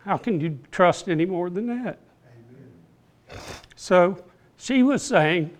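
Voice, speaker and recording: An older man leads a casual Bible class, his voice sitting a little high for a man. He talks slowly and plainly, with an earnest, halting manner as he works through scripture. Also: lively intonation. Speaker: Bible study teacher. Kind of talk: informal Bible class teaching.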